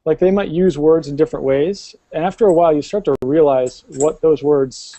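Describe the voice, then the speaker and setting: A man's voice: fairly high pitch, a little fast, dark tone, no echo. A man co-hosting a podcast, chatting casually and hesitantly with many fillers. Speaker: podcast co-host. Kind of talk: casual chat.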